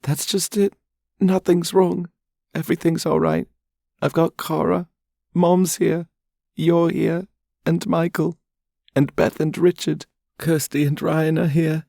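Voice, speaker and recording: A man's voice: a little high, little pitch movement, slow pace, vocal fry, pauses often, warm tone, no echo, clean studio sound, pitched above the performer's own voice, exaggerated voice. A man voicing a weepy young mother, crying and gulping through her words. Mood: tearful. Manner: gulping, sobbing, overwhelmed.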